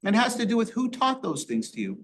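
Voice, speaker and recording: High-voiced rabbi teaching a Torah class. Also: male voice, wildly swooping pitch, fast, slight background noise. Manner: asks the class rhetorical questions and quotes Hebrew verses. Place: synagogue classroom.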